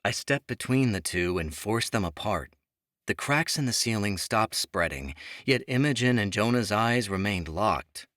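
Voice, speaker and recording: A man narrating a fantasy audiobook in the first person, in an even, measured reading. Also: fairly low pitch, no echo, studio quality.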